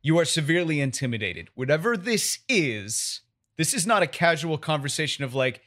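A man's voice: on the high side, big pitch swings, normal speed, fairly bright tone. A man running a tabletop game as game master, narrating in a casual, descriptive way with fillers.

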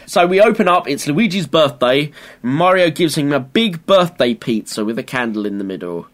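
A man co-hosting a casual podcast. His voice sits a little above average in pitch. He swears freely and walks through episode plots between jokes. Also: big pitch swings, moderate pace. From Britain. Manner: banters, swears and recaps episodes. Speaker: podcast co-host. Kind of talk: casual chat.

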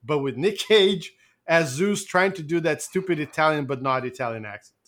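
A man co-hosting a casual podcast chat, animated and joking, with some swearing. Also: fairly high pitch, normal speed. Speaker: podcast co-host.

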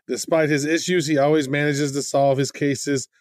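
A man's voice: a little high, little pitch movement, normal speed, no room sound, clean studio sound. A man co-hosting a podcast, chatting casually and with enthusiasm. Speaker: podcast co-host.

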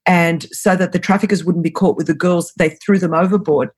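A woman in her fifties, a guest on an interview podcast, telling her story in an earnest, urgent, fast-flowing way. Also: lowish voice, fairly even intonation, darkish tone, breathy edge. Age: 50s. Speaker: guest, anti-trafficking founder.

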